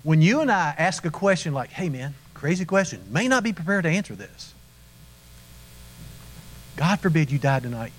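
A middle-aged man preaching to his congregation in a lively storytelling way. His voice sits a little high for a man, and he slips into acted-out voices as he goes. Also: normal speed, long pauses, poor audio. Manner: animated storytelling, acts out voices. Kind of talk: sermon.

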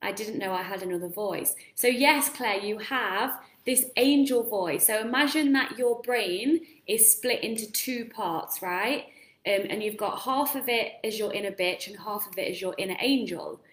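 A woman's voice: a little high, unhurried, fairly bright tone, reverberant. A woman giving a live-streamed motivational talk as a self-help coach, speaking directly to viewers with frequent questions and casual swearing.

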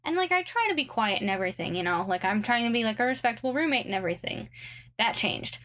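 A young woman with a slightly high voice tells a story in a loose, chatty way. She fills her sentences with likes and ums and drops in dry, sarcastic asides. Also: animated, quick pace, a bit bright. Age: young adult. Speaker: guest telling a story. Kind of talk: casual storytelling chat.

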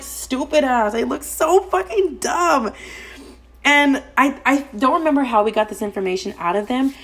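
A young adult woman hosting a podcast, telling a story in casual chat: fast, profane and gossipy, with "like" all through. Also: sits high, lively intonation, a bit bright. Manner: rapid, profane, gossipy, heavy use of "like". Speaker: podcast host.

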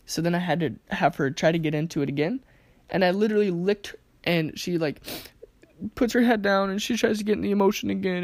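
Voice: medium pitch, a little fast, a little mellow, a little hiss or hum. A communication teacher giving a casual spoken lesson, telling anecdotes with acted-out quotes and asking rhetorical questions.

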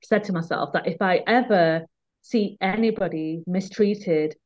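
Woman, lowish voice, earnest, emphatic, storytelling conversation, muffled dull sound. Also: unhurried, a little mellow. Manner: earnest, emphatic, repeats words when moved. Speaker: guest.

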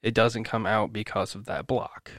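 A man's voice: on the low side, little pitch movement, moderate pace, fairly bright tone, no room sound, clean studio sound. Swearing man venting to his listeners. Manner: swearing, rambling, self-encouraging. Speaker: podcast host. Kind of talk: personal venting monologue.

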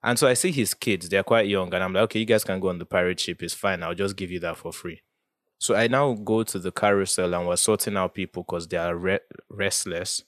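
A young man hosting a casual podcast chat, telling stories with animated voices. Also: sits low, fairly quick, dry recording. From Nigeria. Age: young adult. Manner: animated storytelling, acting out shouting people. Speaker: podcast host.

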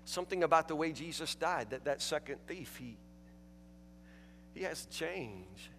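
A man delivers a sermon in a fairly high voice, driving points home with repeated words. He swings between emphatic lines and quiet, hushed passages. The sound trails off in a church hall with a long reverb. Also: expressive, a little slow, noisy background. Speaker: pastor.

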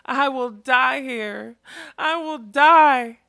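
A woman's voice: medium pitch, measured pace, a bit bright, no room sound, clean studio sound, close to an everyday voice. Woman reading as a despairing unicorn-turned-girl.

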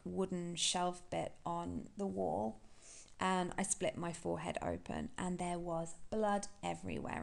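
A woman hosting a podcast, telling a painful personal story in a candid, halting, emotional way. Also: fairly low pitch, vocal fry. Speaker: podcast host.

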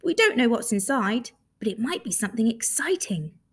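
A woman voicing Rabbit, a keen toy rabbit who speaks in an eager, often breathy hush, in a storybook reading. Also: on the high side, sing-song, moderate pace.

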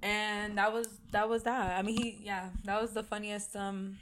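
Bright-voiced young woman telling stories. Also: mid-range voice, moderate pace, slight background noise. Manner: animated, swearing, dramatic storyteller. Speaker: podcast co-host. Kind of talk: casual storytelling chat.

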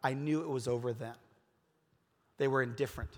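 A man's voice: medium pitch, steady tone, fairly quick. A man preaching a casual, conversational sermon, telling personal stories in an earnest way with many fillers and restarts. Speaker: pastor. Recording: long reverb of a large hall.

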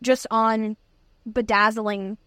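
A young woman co-hosting a podcast, telling a story in an excited, rambling way in casual chat. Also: on the high side, takes it slowly, no room sound, clean studio sound. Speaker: podcast co-host.

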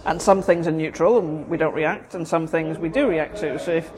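A woman's voice: low-pitched, moderate pace. Chatty woman therapist in a busy café. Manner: chatty, explains with everyday examples. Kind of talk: casual explanatory chat. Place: busy coffee shop. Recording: noisy coffee shop recording. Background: café crowd chatter.

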